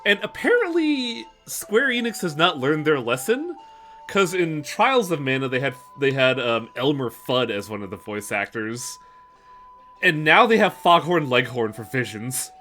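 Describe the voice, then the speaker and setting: A man's voice: a little high, sing-song, a little slow, bright, forceful tone, faint music behind. A man streaming a game, chatting casually and swearing freely. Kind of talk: casual chat while playing a game.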